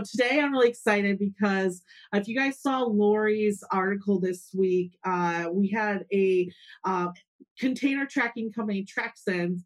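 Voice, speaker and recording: A woman hosting a podcast, talking in an upbeat, chatty way with frequent ums and uhs. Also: mid-range voice. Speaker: podcast host. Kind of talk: casual promotional chat and interviewing.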